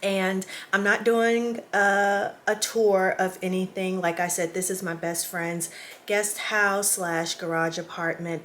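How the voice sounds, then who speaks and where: Low-voiced woman vlogger, emotional and chatty. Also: a bit bright, slight background noise. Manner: chatty, addresses viewers directly. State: emotional, close to tears. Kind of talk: casual talk to camera. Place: small guest house room indoors.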